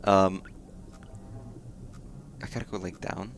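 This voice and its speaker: A man's voice: low voice, steady tone, slow pace, slight background noise. A man hosting a let's play, muttering and swearing at the screen, with startled reactions. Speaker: host of a gaming channel.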